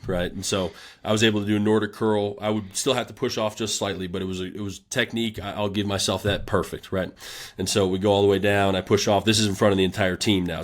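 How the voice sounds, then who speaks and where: A young man, a strength coach, telling lively stories in a casual podcast chat and acting out a shouting coach. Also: low-pitched. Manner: animated storyteller who acts out a shouting coach.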